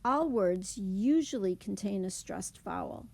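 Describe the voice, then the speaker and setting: A woman teaching a slide presentation lesson, explaining slowly and carefully. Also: mid-range voice, expressive, vocal fry, a little mellow, husky. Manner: slow, careful, deliberate explanation.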